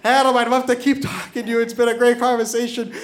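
Brief: storyteller putting on a gentle, apologetic male deli clerk with a very high voice. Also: level tone, quick pace, background noise. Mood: kind. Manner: kind and soothing.

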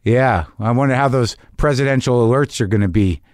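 A man's voice: medium pitch, fairly quick, darkish tone, dry recording, studio quality. A middle-aged man hosting his podcast in a rambling, profane, self-deprecating monologue, with a slight lisp. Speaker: podcast host. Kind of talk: casual monologue.

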